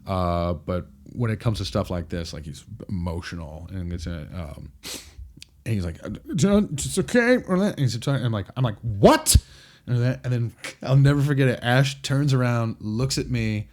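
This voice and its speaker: Man, 30s, podcast guest; low-ish voice, animated storyteller acting out quotes. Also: normal speed. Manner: animated, acts out quotes with restarts. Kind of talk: casual storytelling chat.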